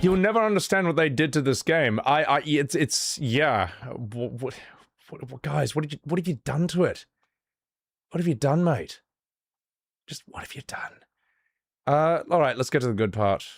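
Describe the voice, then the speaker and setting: A man's voice: a little high, animated, normal speed, no echo. A man, casually chatting on a live stream and reacting with exclamations and stammering restarts.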